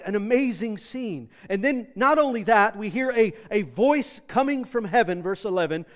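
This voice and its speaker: High-voiced preacher in a reverberant hall. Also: male voice. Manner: earnest, conversational preaching with repeated words. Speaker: pastor. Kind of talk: sermon. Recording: long reverb of a large hall.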